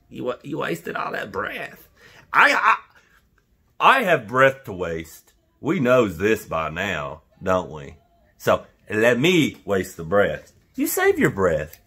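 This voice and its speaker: A man's voice: fairly low pitch, moderate pace, husky. A man vlogging in a casual, jokey rant to the camera, wandering off on tangents. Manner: animated, jokey, goes off on tangents.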